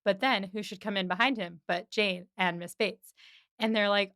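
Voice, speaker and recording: Smooth-voiced woman recapping with gusto. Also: mid-range voice, moderate pace, no echo, clean studio sound. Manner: animated, acts out lines of dialogue. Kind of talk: casual chat recapping an episode.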